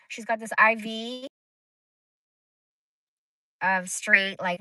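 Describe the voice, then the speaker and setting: A woman chats on a livestream, venting bluntly with plenty of swearing. Her voice has a bright, sharp edge, and she sits close to the mic. The sound is dry, with no room around it. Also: medium pitch, no echo. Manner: blunt, profane ranting. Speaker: livestream host. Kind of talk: casual livestream chat.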